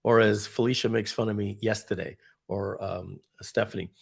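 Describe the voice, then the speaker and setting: A man with a New York accent hosting a live online session, chatting as he demos software and growing excited about the tools. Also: on the low side, moderate pace, gravelly, slightly rough. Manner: chatty, thinks aloud, grows excited over tools. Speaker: webinar host.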